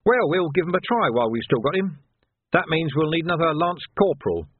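A man voicing a gruff, hard-bitten middle-aged watch sergeant who speaks curtly with dry sarcasm. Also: on the high side, very animated, fairly quick, no echo, voice pushed up. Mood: brisk. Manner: curt, commanding, dry sarcasm. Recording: tinny narrow audio, dry.

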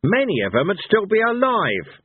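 A man voicing an old, gruff, hot-tempered barbarian hero who growls and snaps his words. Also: a little high, very animated, moderate pace, voice pushed up. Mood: raging. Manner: growling, snapping, shouting in rage. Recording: tinny phone-like sound.

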